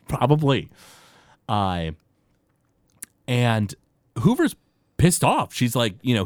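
A man co-hosting a casual podcast, retelling cartoon scenes with lots of fillers and quick impressions. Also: medium pitch, wildly swooping pitch, dry recording, studio quality. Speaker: podcast co-host. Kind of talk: casual chat recapping a cartoon episode.

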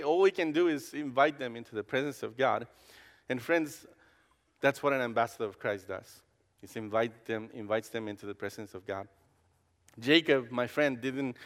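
A man in the middle pitch range preaches a personal testimony as a campus pastor. He talks casually, with lots of restarts and fillers, and he acts out conversations as he tells his story. His voice rings with a long reverb from a large hall.

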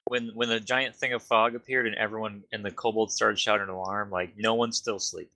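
Male game master, lower pitch, bright timbre, quick corrections. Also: steady tone. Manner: narrating and ruling, with quick repeated corrections. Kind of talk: running a tabletop game.

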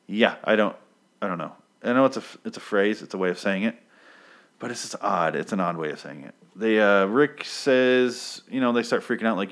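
Casting note: rambling man recapping with heavy swearing, voice on the low side. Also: fairly quick. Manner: rambling, excitable, swears freely, self-interrupting. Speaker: comic book recap host. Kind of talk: casual profane recap rant.

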